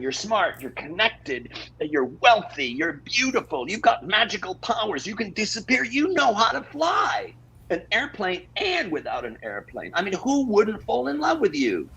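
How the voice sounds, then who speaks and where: A flustered, pleading married father, played by a man, who stammers and repeats himself. His voice is very husky and gravelly, and his pitch leaps up and down constantly as he improvises on stage. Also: fairly bright tone, exaggerated voice, poor audio. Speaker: improv performer. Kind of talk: improv scene acting. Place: theater stage.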